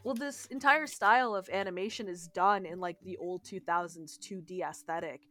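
A woman's voice: on the low side, normal speed, bright, forceful tone. Gushing, swearing woman podcast host. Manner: gushing, swears a lot, laughs often. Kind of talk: casual chat.

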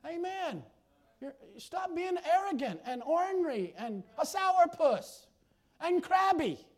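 A man with a strikingly high voice delivers a sermon from the pulpit. He preaches fervently, calling out loudly one moment and dropping to an easy, chatty aside the next. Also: big pitch swings, slow. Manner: fervent, swings from loud exclamations to quiet chatty asides.

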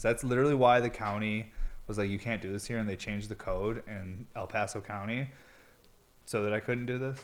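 A tired man rambling casually to his viewers, laid-back and swearing often, yawning as he talks. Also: on the low side. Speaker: vlogger. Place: indoor workshop or studio.

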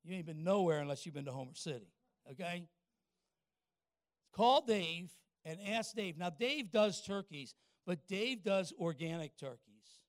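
An older man, a pastor telling a folksy story in a sermon and asking the congregation quick questions. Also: sits high, lively intonation, dry recording, studio quality.

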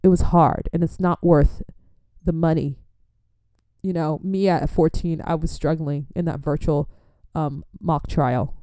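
A young woman from an immigrant family, talking in a chatty, animated way as she gives faith-based life advice and laughs often. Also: sits low, unhurried, clear, resonant tone, dry recording, clean studio sound. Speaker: Christian vlogger. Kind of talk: casual advice talk.

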